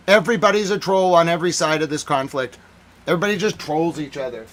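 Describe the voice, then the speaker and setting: A man hosting a live stream, joking and repeating himself as he reacts to news footage, swinging between loud outbursts and quiet mutters. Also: a little high, a little fast.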